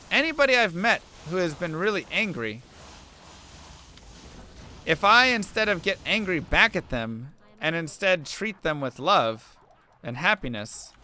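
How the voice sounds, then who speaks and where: A man's voice: on the high side, bright, forceful tone, slight background noise. A young man streaming to viewers, talking through an earnest, rambling story full of fillers as he chats. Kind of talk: casual chat while gaming.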